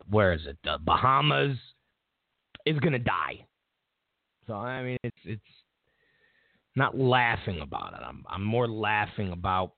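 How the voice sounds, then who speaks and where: Gravelly man rambling on a tinny line. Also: fairly low pitch, no echo. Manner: rambling storyteller with many restarts and fillers. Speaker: host. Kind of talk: casual political talk show monologue.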